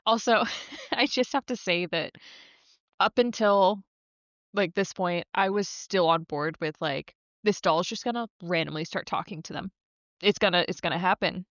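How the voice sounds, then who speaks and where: A woman's voice: fairly low pitch, moderate pace, a bit bright, no echo, highs cut off. A woman co-hosting a podcast, chatting in an easygoing way and laughing along. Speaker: podcast co-host. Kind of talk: casual recap chat.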